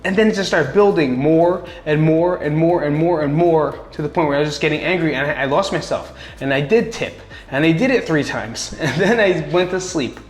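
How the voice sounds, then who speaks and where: A man's voice: on the high side, normal speed, few pauses. Blunt earnest man in an echoey room. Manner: blunt, earnest, swears casually, repeats words for emphasis. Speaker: vlogger sharing coping tips. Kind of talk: casual personal advice talk.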